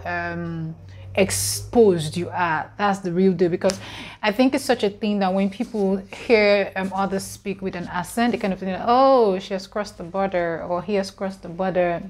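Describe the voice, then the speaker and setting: Young nigerian woman, nigerian accent, casual vlog, earnest, lots of ums, mid-pitched voice. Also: a little mellow. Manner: earnest, questioning, frequent ums. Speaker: vlogger. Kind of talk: casual talk to camera.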